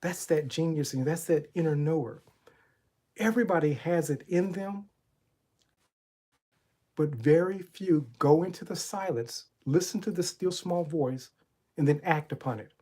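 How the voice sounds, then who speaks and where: Warm-voiced man giving a preacherly talk. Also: on the high side, measured pace, pauses often. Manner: preacherly storytelling, retells Bible stories, asks rhetorical questions. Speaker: motivational coach and channel host. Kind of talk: spiritual motivational talk.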